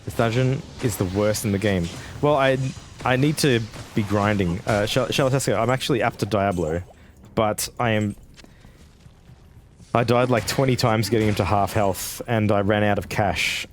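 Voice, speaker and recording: A man in his twenties streams a game live, his lowish voice moving at a normal speed over slight background noise. His commentary is casual, chatty and rambling, and between fights he answers questions from his viewers.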